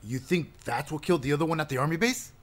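A man playing a husky, stammering busybody. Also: fairly high pitch, quick pace, natural voice. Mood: curious.

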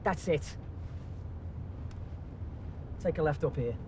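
An actor playing a swaggering, foul-mouthed gangster, speaking inside a car. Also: male voice, a little high, takes it slowly, warm tone, slight background noise. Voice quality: coarse, swearing constantly. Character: brash, swaggering, profane Liverpool gangster man. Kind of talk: film dialogue.

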